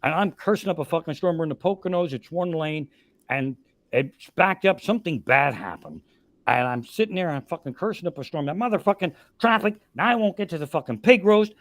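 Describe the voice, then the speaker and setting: A man in his sixties spins profane comic stories on a live podcast, getting loud on the punchlines. His voice sits a bit high, and the recording is close and dry. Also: dry recording. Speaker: comedian guest telling stories. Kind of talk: casual storytelling on a live podcast.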